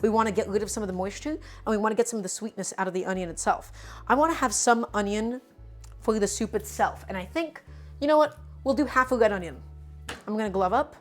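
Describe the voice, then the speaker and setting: A woman with a New York accent and a medium-pitched voice talks quickly over faint background music, chatting and explaining as she cooks on a live stream. She's a cooking streamer speaking straight to her viewers, often calling them "my friends," in a casual live demonstration.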